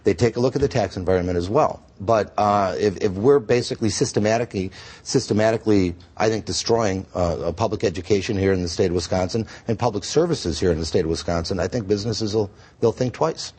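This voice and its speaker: Low, husky man arguing earnestly. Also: fast talker, a little mellow. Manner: earnest, emphatic, argumentative. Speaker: state senator, guest. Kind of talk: TV news interview. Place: TV studio.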